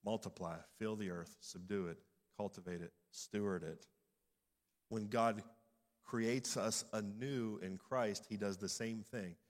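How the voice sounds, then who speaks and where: Slow, low-voiced pastor preaching. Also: male voice, steady tone, big-room sound. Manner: builds from low, measured speech to loud, high emphasis. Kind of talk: sermon.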